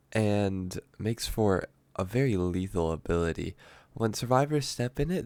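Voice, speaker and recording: A man's voice: lowish voice, a little mellow, no echo. A sick, congested man with a stuffy voice, casually explaining a game character's abilities as a voice-over. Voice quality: stuffy, nasal from a cold. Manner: chatty, explains step by step with fillers. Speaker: gaming YouTuber.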